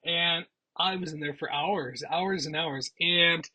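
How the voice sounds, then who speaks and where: A man's voice: a little high, takes it slowly, pushed and bright, husky, poor audio. A man vlogger telling a personal story in a chatty, rambling way with frequent restarts. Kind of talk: casual storytelling.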